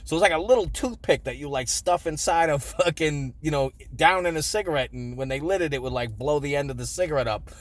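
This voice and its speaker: A man's voice: fairly high pitch, fast, few pauses. A man in his forties telling childhood stories in a casual, crude way, swearing and chuckling often. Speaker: storyteller. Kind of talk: casual storytelling vlog.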